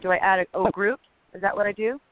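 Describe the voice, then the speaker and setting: A woman co-hosting a casual faith podcast, talking excitedly and urging listeners on. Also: medium pitch, fast, background noise. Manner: excitable, emphatic, exhorting listeners. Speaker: co-host. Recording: tinny phone-like sound.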